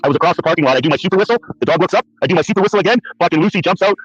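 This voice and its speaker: A man on an online podcast panel telling a profane, lively personal story. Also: high voice, racing, husky, no room sound, soft background music. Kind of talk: casual storytelling on a call. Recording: dull, dry call audio.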